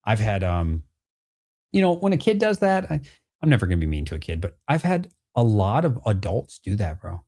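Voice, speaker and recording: A man's voice: lowish voice, sing-song, normal speed, warm tone. A man, a father and card vendor, casually telling his viewers a haggling story, swearing freely and acting out both sides of the deal. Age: adult with a child. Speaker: card vendor and channel host.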